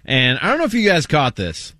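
A man muses about the film in a playful, offhand way. His voice is a little high and moves around a lot in pitch. It is recorded dry and close. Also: wildly swooping pitch, brisk, pushed and bright, dry recording. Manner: musing, playful. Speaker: podcast co-host. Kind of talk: movie podcast chat.

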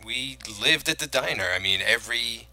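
A man co-hosts a podcast, chatting casually about films and his own memories, rambling with plenty of fillers and restarts. His medium-pitched voice is animated and sharp at a moderate pace. The low-quality recording has no room sound, just soft music in the background.

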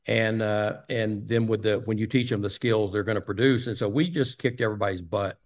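A man's voice: lowish voice, steady tone, brisk. Older man telling a rambling story. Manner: rambling storyteller with many fillers. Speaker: guest interviewee. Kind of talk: casual storytelling interview.

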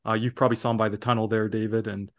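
A man's voice: lowish voice, level tone, racing. A man co-hosting a fan podcast in casual sports chat, talking in a rambling, earnest way. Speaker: podcast co-host.

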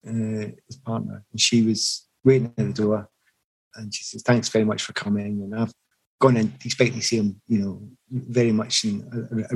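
Husky man telling stories. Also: mid-range voice, low-quality recording. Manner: reflective, animated anecdotes with restarts. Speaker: former footballer guest. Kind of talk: storytelling in an interview.

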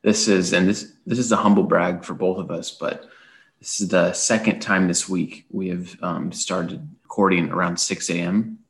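Worn out from an early start, a male podcast co-host rambles through casual sports chat, full of "um"s and restarts. He talks at an ordinary pace in a low-pitched voice that barely moves in pitch.

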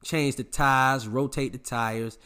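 Man, dating coach, casual monologue, emphatic, slangy, preachy, mid pitch. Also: fairly even intonation, takes it slowly, sharp tone, clean tone. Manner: emphatic, preachy, repetitive slang-heavy talk. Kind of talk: casual advice monologue to camera.

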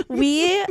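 A woman in her twenties from Utah co-hosting a podcast in bubbly, giggly casual chat. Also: high-pitched. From Utah, USA. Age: 20s. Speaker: podcast co-host.

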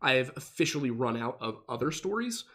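A young man co-hosting a podcast livestream, bantering in a relaxed way with his co-host. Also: mid-range voice, a little fast, husky. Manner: relaxed banter, many fillers and restarts. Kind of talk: casual livestream chat.

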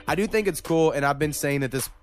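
A man's voice: fairly high pitch, fast talker. A man hosting a casual music podcast, talking loosely and swearing often. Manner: loose, profane, rambling. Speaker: podcast host.

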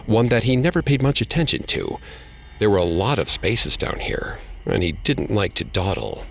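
Deep gravelly male horror narrator. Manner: low, gravelly storytelling voice with dramatic hushed drops.

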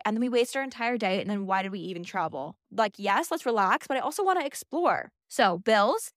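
A woman's voice: mid-range voice, lively intonation, a little fast, few pauses, no echo, clean studio sound. A young adult woman hosting a casual monologue podcast, chatty and emphatic with a sassy edge. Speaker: podcast host.

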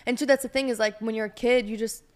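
Female podcast co-host, slightly high voice, earnest and thoughtful, talks in long run-on sentences. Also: fairly even intonation, fast. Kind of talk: casual podcast chat.

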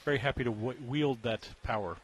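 A man talking as a sports columnist in a relaxed conversation, offering candid opinions. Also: medium pitch, fairly quick, slightly rough. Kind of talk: casual conversation as a guest.

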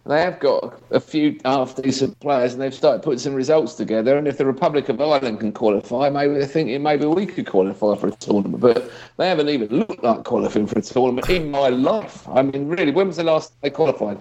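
A man's voice: mid-range voice, a little fast, few pauses, dark tone. A man co-hosting a casual football podcast, blunt and sweary as he reads out emails and argues his points. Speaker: podcast co-host. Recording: slightly dull lo-fi sound.

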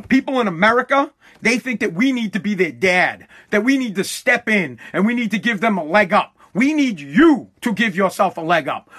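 A man with a high, bright voice delivers a heated opinion rant straight to camera. He swears freely and hammers every point home by saying it again. He sounds like a business owner with no patience left. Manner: profane, blunt, repeats his points for emphasis.

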